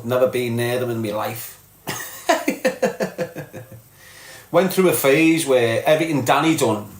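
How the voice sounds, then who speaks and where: A man's voice: mid-range voice, roomy sound. A man with a Scouse accent from Liverpool, hosting a live stream and chatting bluntly to viewers, reading out comments and swearing freely. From Liverpool, England. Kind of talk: casual live chat.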